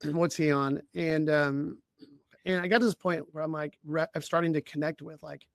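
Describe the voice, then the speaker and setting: Halting, throat-clearing man, a bit high. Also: steady tone, dry recording, studio quality. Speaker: leadership coach and podcast co-host. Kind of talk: conversational storytelling.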